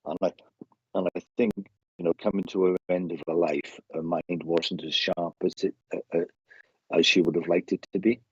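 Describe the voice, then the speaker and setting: Husky low-voiced male medium. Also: fairly even intonation, moderate pace, no echo, dull audio. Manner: chatty, laughing, stumbling restarts, relays spirit messages. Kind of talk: live mediumship reading.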